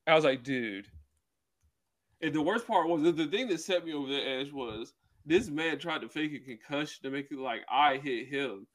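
A man's voice: fairly high pitch, moderate pace, a bit bright. A young man co-hosting a casual podcast, telling rambling stories full of fillers. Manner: rambling, filler-heavy storytelling. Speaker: podcast co-host.

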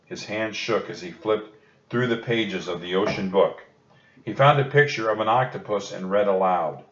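Unhurried male storyteller for children, low voice; muffled echoey recording. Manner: gentle and reassuring to children. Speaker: storybook reader. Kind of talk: reading a children's book aloud. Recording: dull echoey room recording.

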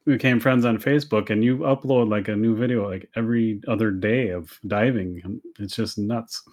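A woman's voice: very deep voice, fairly even intonation, moderate pace, darkish tone. A woman interviewing a guest in casual chat, laughing along as she talks.

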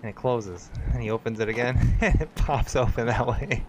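A man's voice: mid-range voice, normal speed, dull audio, background noise. A man hosting a casual livestream, chatting with viewers, laughing easily and swearing casually. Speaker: livestream host. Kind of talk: casual chat.

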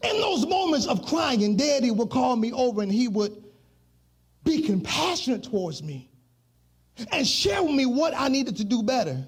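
Middle-aged preacher guy from chicago, high raspy voice, sing-song whooping sermon. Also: very animated, moderate pace. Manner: chanting, whooping preacher cadence that rises to shouts. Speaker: pastor.

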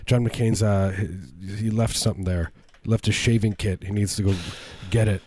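A man's voice: fairly low pitch, fairly even intonation, moderate pace, dark tone, dry recording. A man co-hosting a comedy podcast, riffing in a rambling, absurd way with lots of false starts. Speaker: podcast co-host. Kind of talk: casual comedic chat.

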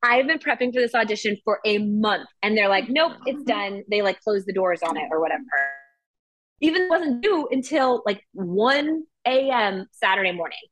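A woman's voice: medium pitch, animated, normal speed, a bit bright, no echo. A woman co-hosting a podcast, rambling through a personal story in easy, chatty talk full of "like." Her voice sits in a middle register. The recording is dry and close. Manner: chatty storytelling, heavy use of "like". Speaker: podcast co-host. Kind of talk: casual chat.

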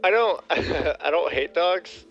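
Laid-back man with a dull, bright voice. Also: a little high, animated, slow, creaky, soft background music. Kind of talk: casual chat.

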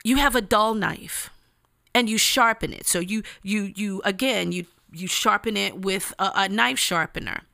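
Woman, bright fry-tinged voice, unhurried emphatic devotional delivery, dry close sound. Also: medium pitch, dry recording. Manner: earnest and emphatic, with casual slang and repetition. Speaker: speaker giving a devotional message. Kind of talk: motivational devotional talk.

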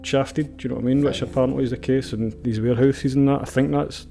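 A man's voice: mid-range voice, fairly even intonation, fast talker, gravelly, warm tone, faint music behind. A Scottish man chatting casually, earnest and a bit rambling as he makes his point. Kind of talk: casual banter.

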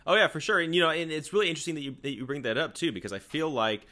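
A man's voice: fairly high pitch, racing, bright, forceful tone. A man hosting an interview, thinking aloud in a rambling, reflective way with many fillers. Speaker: podcast host. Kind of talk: casual interview chat.

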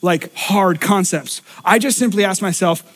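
A young man preaches in a casual storytelling way, joking about himself and laughing between lines. His voice sits noticeably high for a man, and he moves easily between quick asides and slower sermon points. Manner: animated, self-deprecating storytelling with laughter. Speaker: pastor.

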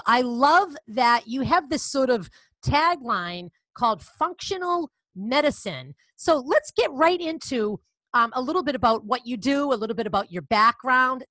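A woman's voice: a little high, fairly bright tone, dry recording. A woman from Connecticut with a Boston accent, hosting a podcast interview in a bubbly, enthusiastic way. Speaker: podcast host. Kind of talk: casual interview chat.

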